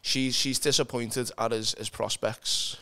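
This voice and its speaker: Man, comedy podcast guest, rambling, laughs easily, mid-pitched. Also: level tone, measured pace, pushed and bright. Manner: laughs often, loose and rambling. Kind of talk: improvised comedy podcast chat.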